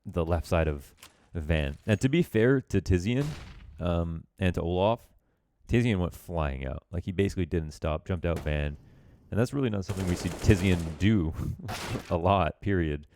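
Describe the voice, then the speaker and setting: A man's voice: low voice, animated, normal speed, darkish tone, a little hiss or hum. A man coaching viewers through a recorded match, talking in a loose, chatty way with lots of filler words and some self-mocking asides. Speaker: esports coach reviewing a match demo. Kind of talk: casual game analysis commentary.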